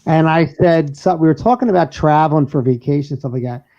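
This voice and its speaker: A man with a fairly high, mellow voice talks fairly quickly as he co-hosts a casual podcast and DJs, rambling through stories full of laughs and restarts. It's loose banter, captured in dull lo-fi sound.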